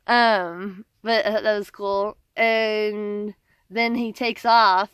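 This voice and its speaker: A woman hiker telling stories to the camera outdoors, chatty and animated, laughing often. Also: medium pitch, slow pace, clean tone, no room sound. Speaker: long-distance hiker vlogger. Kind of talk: casual storytelling to camera. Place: outdoors by a trail road.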